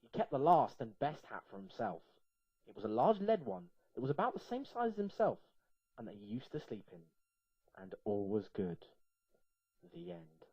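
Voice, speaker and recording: A man reading a comic story aloud in a playful, lively way. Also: medium pitch, moderate pace, slightly rough, no echo, lo-fi sound.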